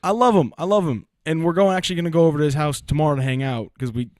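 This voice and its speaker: A man's voice: on the high side, racing, a little mellow, no echo. A man in his twenties co-hosting a podcast with dry, self-mocking humor. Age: 20s. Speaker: podcast co-host. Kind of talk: casual chat.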